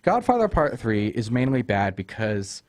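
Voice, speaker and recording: A man's voice: mid-range voice, big pitch swings, normal speed. A young man hosting a casual film review chat, ranting with exasperation about a character and retelling scenes. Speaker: host.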